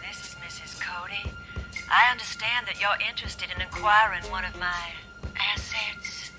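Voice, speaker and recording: An actress playing a scheming widow who talks in a slow, breathy, seductive way. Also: female voice, medium pitch, steady tone, over music, lightly acted. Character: sultry, scheming female widow.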